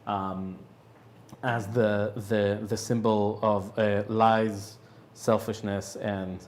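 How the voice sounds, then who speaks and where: A man narrating a tabletop game as game master, halting with many fillers and restarts. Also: on the low side, flat delivery, a little mellow, echoey room.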